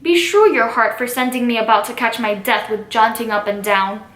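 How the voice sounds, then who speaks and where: A grumbling, dawdling old woman servant, read aloud by a woman with a high, bright voice. She complains at a slow, reading-aloud pace, with little put-on change. Her voice has a roomy echo. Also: close to an everyday voice. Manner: read aloud from the script, mostly plain.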